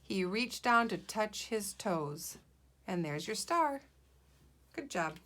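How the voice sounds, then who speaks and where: A woman's voice: medium pitch, lively intonation, slow, fairly bright tone. A woman teacher leading a guided reading lesson for young children, patient and encouraging, sounding out letters and words.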